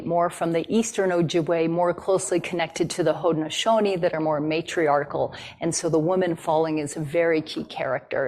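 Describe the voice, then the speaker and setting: Woman telling a story at a talk. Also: deep voice. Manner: warm, conversational storytelling with fillers. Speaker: guest speaker.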